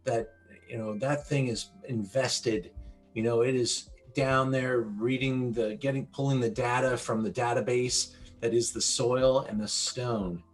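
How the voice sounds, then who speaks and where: A man hosting an online wine tasting, describing wines slowly in vivid imagery. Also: mid-range voice, fairly even intonation, soft background music. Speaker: wine educator host.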